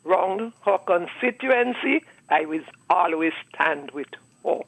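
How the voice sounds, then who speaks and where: A man phones in to a radio show, husky and gravelly, his voice fairly high for a man. He runs his sentences together and offers blessings. The call comes over a tinny phone line with beeping on it. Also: lively intonation, measured pace. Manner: warm, blessing-giving, talks in long run-on sentences. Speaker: caller.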